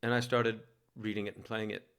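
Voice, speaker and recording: A man from New York City, a guest telling a lively, self-mocking story in a casual interview and laughing as he goes. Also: fairly low pitch, fairly quick, clear, resonant tone.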